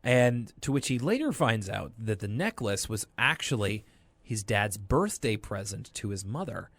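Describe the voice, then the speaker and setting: Low-voiced man in casual podcast chat. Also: a little slow, dry recording. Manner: rambling, animated, many fillers. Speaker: podcast co-host. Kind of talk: casual chat recapping a cartoon.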